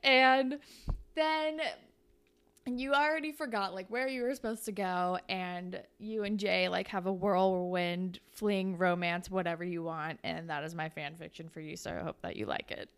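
This young woman's voice sits on the low side, with fairly even intonation, normal speed and a clean tone. Co-hosting a podcast, she makes up fan fiction on the fly, chatty and heavy on fillers like "like."

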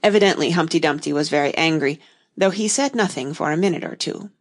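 A woman narrating a storybook in an expressive audiobook reading. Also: low-pitched, fast talker.

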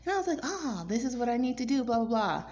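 A woman's voice: on the high side, very animated, fast talker, a little mellow. A woman co-hosting a podcast, chatting in a laid-back way and laughing now and then. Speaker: podcast co-host. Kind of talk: casual podcast chat. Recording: dull lo-fi sound with faint noise.

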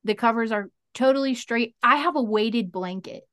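A woman as an interview guest, telling a story in a frank, animated way and swearing freely. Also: on the high side, normal speed, no echo, studio quality. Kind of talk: casual storytelling.

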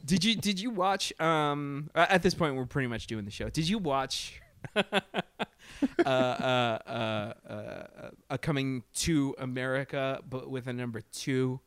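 A man's voice: medium pitch, unhurried, fairly bright tone, smooth, no room sound. A man hosting a radio show in a casual, rambling way, with jokes and lots of fillers. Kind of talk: casual chat.

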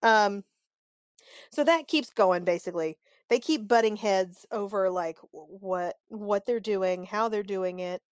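A chatty woman talking through a TV episode with a co-host, animated and quick to act out lines. Her voice sits at a middling pitch and is recorded very dry and close. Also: no room sound. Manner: chatty and animated, acts out quoted lines, openly annoyed. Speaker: podcast co-host recapping a TV episode. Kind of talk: casual chat.

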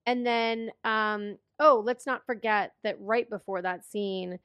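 A woman's voice: medium pitch, fairly even intonation, takes it slowly, clear, resonant tone, dry recording, highs cut off. A woman co-hosting a podcast, chatting casually as she recaps a film, laughing, swearing and acting out lines. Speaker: podcast co-host.

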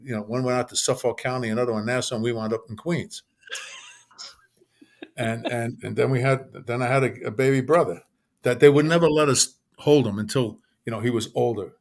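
An older man, an author, telling lively family anecdotes in a casual interview and acting out the people he quotes. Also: medium pitch, brisk. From Brooklyn, New York. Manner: animated anecdote teller, acts out quoted voices, frequent restarts. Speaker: author guest.

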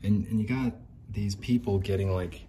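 A man's voice: on the low side, fairly even intonation, normal speed, warm tone, slight background noise. A middle-aged man from the United States ranting casually as a podcast host, aggrieved and rambling, swearing freely. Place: outdoors near an apartment complex.

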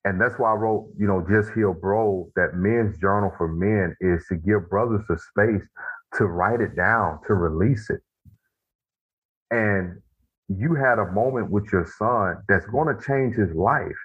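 Casting: deep-voiced man, husky, earnest storyteller, heard through a tinny phone-like line. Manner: earnest storytelling, slows for emphasis. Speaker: podcast guest, author. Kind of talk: casual conversation. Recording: phone-like narrow band.

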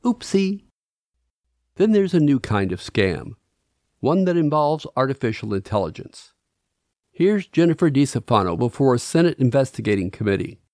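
A man's voice: medium pitch, big pitch swings, normal speed, a little mellow, no echo. A man narrating a podcast from a script, with dry, sardonic asides.

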